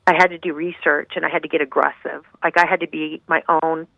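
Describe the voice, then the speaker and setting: This middle-aged guest, a grieving mother, talks fast in a low voice with vocal fry and little pitch movement as she tells her story intensely, rambling and heartfelt. The call comes through a tinny, dry phone line with no echo.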